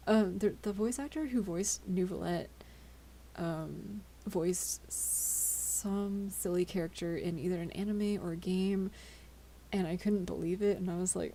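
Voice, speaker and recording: A woman's voice: fairly low pitch, steady tone, a little slow, creaky, dark tone, slight background noise. A tired woman chatting casually with her viewers on a live stream, giggly and often tripping over her words. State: tired, yawning.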